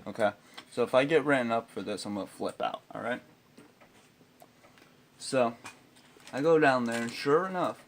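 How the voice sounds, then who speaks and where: A young man telling an exasperated, profane story about school, breaking into loud outbursts. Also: mid-range voice, moderate pace, long pauses, slight background noise. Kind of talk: ranting storytime vlog.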